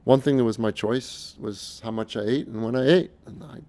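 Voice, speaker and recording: A middle-aged man talking in a casual, unscripted monologue, earnest and halting, often restarting his sentences. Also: mid-range voice, fairly even intonation, warm tone. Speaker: speaker recounting his experiences.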